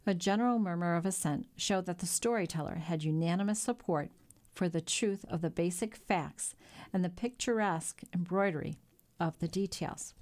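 A woman narrating a classic novel aloud in a steady, even storytelling manner. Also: on the low side, moderate pace. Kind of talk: audiobook narration.

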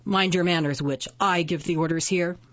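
A woman's voice: on the low side, fairly even intonation, normal speed, a bit bright, dull audio, close to an everyday voice. A woman voicing an arrogant, scheming young nobleman who speaks in a haughty, commanding way, in a storybook reading.

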